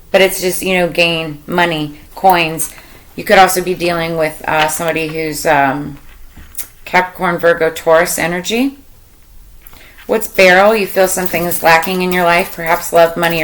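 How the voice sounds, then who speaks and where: A woman's voice: low voice, low-quality recording. A woman reading tarot cards for a zodiac sign in a casual, meandering way, thinking aloud with lots of fillers. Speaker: tarot reader.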